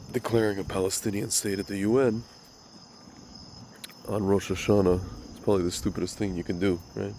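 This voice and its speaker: Deep gravelly man, slightly nasal. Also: a little mellow, slight background noise. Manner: talks directly to viewers, rambling and opinionated. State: slightly nasal from a recent cold. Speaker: religious commentary host. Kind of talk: casual commentary monologue.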